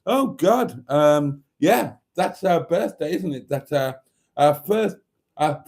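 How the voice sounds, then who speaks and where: Man, livestream host, camp and jokey, slightly high voice. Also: expressive, measured pace, a little mellow. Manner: chatty, camp and joking, reads viewer messages aloud. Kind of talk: casual live chat reading comments.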